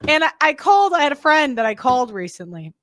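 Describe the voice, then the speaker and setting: A woman's voice: high-pitched, big pitch swings, fast, fairly bright tone, dry recording, studio quality. A woman hosting a reaction show, talking in a candid, blunt way that rambles and interrupts itself. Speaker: host. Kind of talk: reaction commentary.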